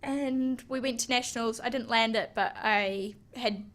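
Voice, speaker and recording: A young woman from New Zealand, a guest on an interview podcast, telling her story casually and animatedly with many ums and restarts. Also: a little high. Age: young adult. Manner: animated, halting with fillers. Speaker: guest, snowboarder.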